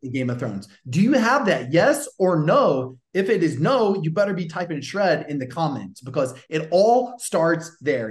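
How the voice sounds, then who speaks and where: A man's voice: on the high side, darkish tone, reverberant. A man with a Southern accent, a gym business coach hosting a show, talking in a punchy, pushy way and swearing casually. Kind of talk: energetic coaching talk.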